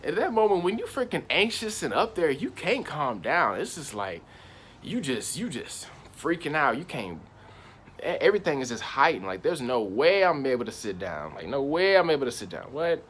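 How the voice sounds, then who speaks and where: A man's voice: a little high, sing-song, moderate pace, fairly bright tone, a little hiss or hum. Young man rambling through a personal story. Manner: slangy, rambling, repeats "I was like". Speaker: channel host.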